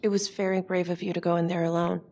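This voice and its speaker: An actress voicing a composed district attorney in a game, who questions police in a measured, firm way. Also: female voice, on the low side, flat delivery, dark tone, far from the mic, soft background music.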